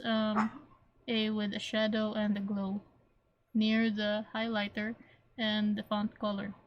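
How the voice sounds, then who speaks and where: Flat-voiced woman teaching a software lesson. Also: mid-range voice. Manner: plain, step-by-step, repeats points, frequent throat clearing. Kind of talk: screen-recorded software tutorial.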